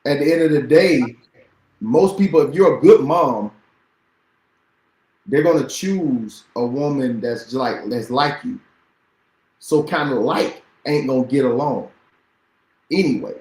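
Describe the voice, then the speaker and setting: A man co-hosting a podcast, giving relationship advice in casual slang with halting restarts. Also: medium pitch, darkish tone, echoey room, rough recording. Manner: halting, restarts, slang, "you know what I'm saying". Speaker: podcast co-host.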